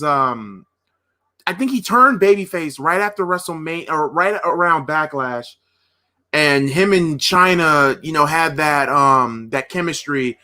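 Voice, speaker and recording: A man reacting live on a watch-party stream, his voice bright and forward and sitting a bit high for a man. He rambles excitedly and piles up exclamations. His sentences often restart and trail off.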